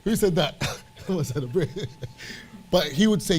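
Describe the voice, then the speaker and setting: A man's voice: high-pitched, lively intonation, fairly quick. A British man serving as a church elder, preaching with passion and repeating phrases for emphasis. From Britain.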